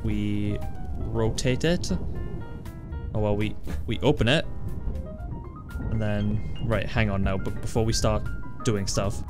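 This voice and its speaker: A man giving excitable let's-play commentary, stammering, swearing and laughing often. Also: lowish voice, slow, pauses often, over music. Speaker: gaming channel host.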